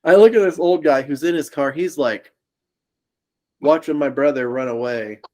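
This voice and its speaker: A man with a slightly raised speaking voice tells a long, rambling story as a podcast co-host. He keeps breaking into laughter and slips into quick voices for the people he describes. His manner is loose and animated, like talk among friends. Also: a little high, a little hiss or hum. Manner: laughs often through his own story. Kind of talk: casual storytelling chat.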